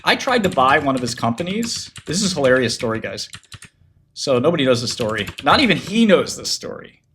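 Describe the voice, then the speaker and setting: A man talking in a mid-range voice, loose and blunt in a casual livestream chat, swearing freely and laughing between his points. Faint keyboard typing and low noise sit in the background. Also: very animated, a little fast, a bit bright. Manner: blunt and profane, laughs often, acts out quoted people. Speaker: streamer talking about business.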